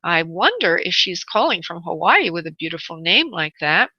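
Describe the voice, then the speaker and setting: A woman's voice: lowish voice, big pitch swings, normal speed, pushed and bright, husky, no echo, highs cut off. A woman hosting a live radio psychic reading, tender and affectionate and calling her callers honey and sweetheart. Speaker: psychic medium and radio host.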